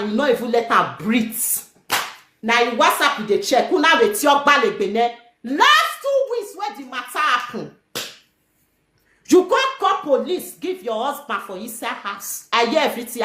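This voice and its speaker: Fiery high-pitched Nigerian Pidgin woman. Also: normal speed, roomy sound, slight background noise. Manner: animated, scolding, shouting at times. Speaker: guest telling her story. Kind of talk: heated live-stream talk.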